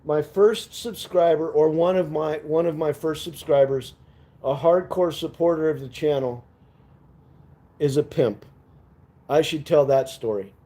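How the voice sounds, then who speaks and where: A man's voice: fairly high pitch, a little slow, mellow. A man chatting casually with viewers on a live stream from home, rambling, laughing and cursing as he goes.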